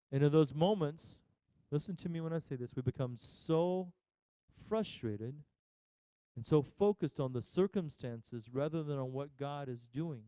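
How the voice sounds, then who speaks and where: Male pastor, sermon, mellow voice, dry close sound, talks straight to listeners. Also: a little high, clear, resonant tone, dry recording, poor audio. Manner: talks straight to listeners, asks questions, pauses for effect. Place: church.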